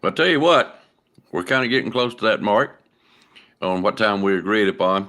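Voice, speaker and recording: A man's voice: on the low side, animated, normal speed, pushed and bright. A man, hosting a casual podcast chat in an easygoing, colloquial way. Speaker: podcast host.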